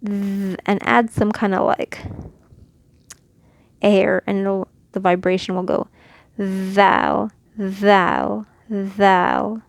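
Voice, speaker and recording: Woman teacher, gravelly tone, dry close sound, patient demonstrating delivery. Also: mid-range voice, flat delivery, slow, long pauses, dry recording. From Mexico. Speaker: Quran reading teacher. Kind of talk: casual instructional lesson.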